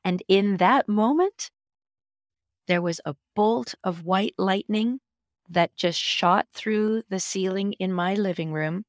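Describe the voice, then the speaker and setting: A middle-aged woman telling a personal story as a podcast guest, emphatic and expressive, with sudden jumps in pitch. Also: slow pace, no echo, studio quality.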